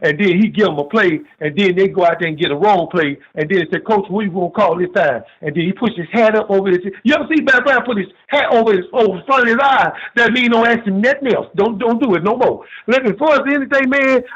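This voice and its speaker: Folksy high-voiced man on a muffled call. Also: fast, few pauses, fairly bright tone, slightly rough. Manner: folksy, repetitive, tells long funny anecdotes. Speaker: caller. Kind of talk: rambling call-in storytelling.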